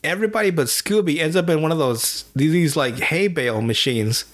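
Profane, animated podcast host. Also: male voice, fairly high pitch, fairly quick. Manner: animated, profane storyteller with voices and laughs. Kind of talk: casual chat, retelling a cartoon plot.

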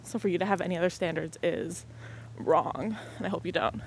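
A woman's voice: on the low side, brisk, creaky. A young woman with a cold talks into a headset mic as she walks, short of breath and sniffly. Her chat is loose and self-mocking, with jokes at her own expense. Passing cars and wind hiss faintly behind her. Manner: self-deprecating, joking, scattered. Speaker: podcast host. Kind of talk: rambling solo podcast chat. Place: outdoors on a windy street while walking. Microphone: headset mic on headphones.

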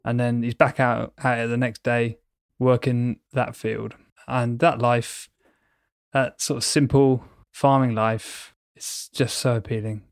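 A man's voice: mid-range voice, flat delivery, takes it slowly, vocal fry, no echo, studio quality. Playful, rambling man in casual chat. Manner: playful, rambling, vivid storytelling. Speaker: podcast co-host.

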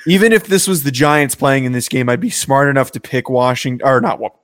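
A man's voice: medium pitch, fairly quick. A man co-hosting a casual sports podcast, blunt and emphatic, laughing easily while he argues his picks. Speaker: podcast co-host.

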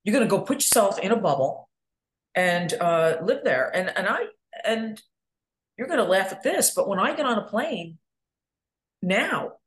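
A woman's voice: medium pitch, very animated, moderate pace, pauses often. A middle-aged woman from New York, a podcast guest who chats casually, laughs often and tells stories with animation. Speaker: podcast guest, real estate agent. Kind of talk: casual chat.

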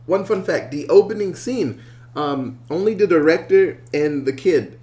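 A man's voice: fairly high pitch, lively intonation, measured pace, warm tone. A man casually retelling a movie plot in a podcast chat, rambling with lots of filler words. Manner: rambling storyteller, many "uh"s.

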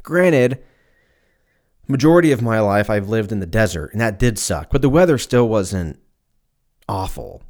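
A young man in his twenties with a fairly low voice hosts his own podcast alone. He rambles from topic to topic, cracks jokes and swears casually. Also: very animated, unhurried, pauses often, a little mellow. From Southern California. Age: 20s. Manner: rambling, joking, swears freely. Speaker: podcast host. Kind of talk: casual solo podcast chat.

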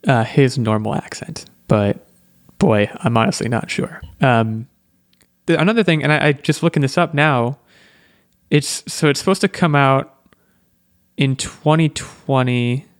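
A man hosts a podcast in a loose, chatty way, full of "like" and restarts. His voice sits in a middle pitch. The sound is dry and close, with no room echo. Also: unhurried. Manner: chatty, hedging, lots of "like" and restarts. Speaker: podcast host. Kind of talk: casual chat.

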